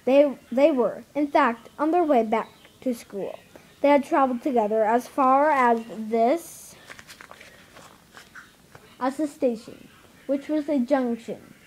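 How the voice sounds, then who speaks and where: Woman reading a kids' book out loud, high voice, keeps tripping and restarting. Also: low-quality recording. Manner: halting, with many stumbles and restarts. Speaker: reader. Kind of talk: reading a children's novel aloud.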